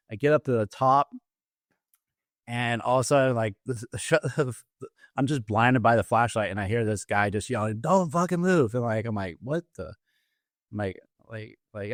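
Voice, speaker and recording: A middle-aged man, an Army veteran, telling his own story as a podcast guest, in a halting way with many fillers and restarts. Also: mid-range voice, no echo, studio quality. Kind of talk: personal story told in an interview. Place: podcast studio.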